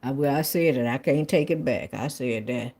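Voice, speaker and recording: A woman's voice: a bass voice, moderate pace, mellow. Chatty blunt woman reading tarot. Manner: chatty, blunt, swears, colloquial, repeats phrases. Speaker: tarot reader. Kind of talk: casual tarot reading to viewers.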